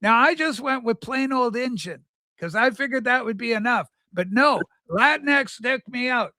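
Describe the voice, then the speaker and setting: Man, livestream host, campy, rambling, very high pitch, dry close sound. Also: animated, normal speed, pushed and bright, dry recording. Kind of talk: casual chat.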